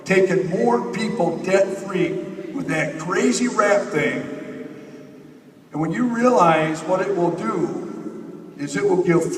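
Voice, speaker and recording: A man giving a motivational stage speech at a company convention, energetic and rallying the crowd with repetition. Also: high-pitched, slow pace, slight background noise. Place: large convention hall. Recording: echoey hall, picked up from far off.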